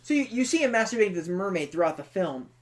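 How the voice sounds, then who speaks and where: Animated, teasing male podcast co-host. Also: high voice, racing. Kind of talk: casual film review chat.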